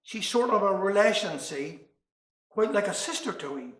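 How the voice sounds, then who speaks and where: An evasive country father speaking in broad Cornish dialect verse , as a man puts him on. His delivery is folksy and bright, in an echoey room. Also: sits high, lively intonation, moderate pace.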